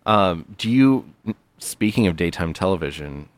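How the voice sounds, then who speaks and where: A man's voice: low-pitched, animated, normal speed. A man co-hosting a podcast, chatting casually and joking playfully. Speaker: podcast co-host. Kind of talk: casual comedic chat.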